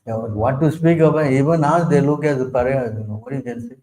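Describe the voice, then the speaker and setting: A man's voice: fast talker, dark tone, low-quality recording. Man, spiritual teacher, informal religious talk, emphatic, keeps checking listeners follow. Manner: emphatic, keeps asking "you understand?"; acts out quoted people in a lowered voice. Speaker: spiritual teacher answering questions.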